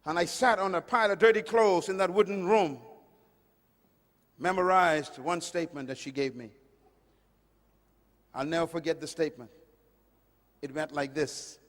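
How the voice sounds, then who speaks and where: A man preaching a sermon, emphatic and swinging between loud declarations and hushed storytelling. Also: a little high, steady tone, normal speed, pauses often, long reverb tail. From Caribbean.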